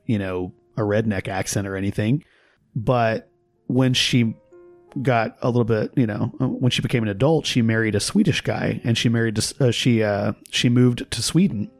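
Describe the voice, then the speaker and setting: Measured man explaining on a podcast. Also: mid-range voice, faint music behind. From Texas. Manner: explanatory, measured, laughs at his own examples. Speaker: podcast guest, linguist. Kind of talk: casual conversation.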